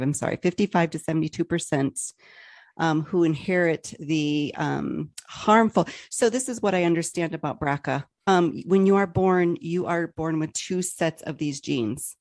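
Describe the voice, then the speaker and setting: A woman's voice: low-pitched, a little mellow, dry recording, clean studio sound. A woman podcast host interviewing a guest, reading figures aloud hesitantly with many fillers.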